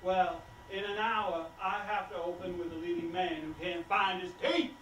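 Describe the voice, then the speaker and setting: An actor playing a dramatic, self-pitying small-town theatre director, in an amateur stage play. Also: male voice, high voice, moderate pace, a bit bright. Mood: fussy complaining. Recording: echoey stage, heard from far off, noisy.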